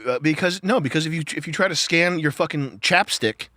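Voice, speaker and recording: A man's voice: fairly high pitch, fairly quick, pushed and bright, dry recording, clean studio sound. A man co-hosting a casual podcast chat, sarcastic and piling up long, incredulous rhetorical questions. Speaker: podcast co-host.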